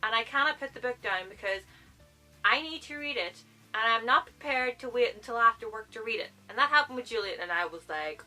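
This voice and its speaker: A woman book vlogger reviewing a novel in a casual, gushing way, bursting into animated exclamations. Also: medium pitch, brisk, faint music behind.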